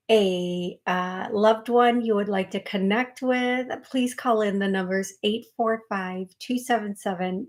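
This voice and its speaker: A woman hosting a live call-in psychic medium show, chatting in a rambling way with many fillers and restarts. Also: mid-range voice.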